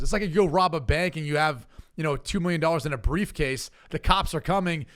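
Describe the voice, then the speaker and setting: Wry former quarterback on a podcast. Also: male voice, on the high side, fast, fairly bright tone, no room sound, clean studio sound. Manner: wry, easygoing, joking along. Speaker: former football quarterback, podcast guest analyst. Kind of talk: casual sports podcast chat.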